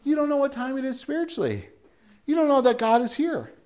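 A man's voice: extremely high pitch, wildly swooping pitch, a little fast, darkish tone. A male pastor preaching a sermon in an earnest way, building to emphatic peaks.

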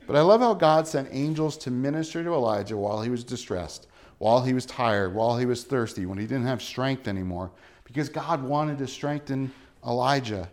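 A man preaching a sermon, earnest and dramatic, dropping to a soft low voice to press his points. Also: lively intonation, fairly quick. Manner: dramatic, acts out quoted voices with rising pitch and volume. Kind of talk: sermon reading and explaining scripture.

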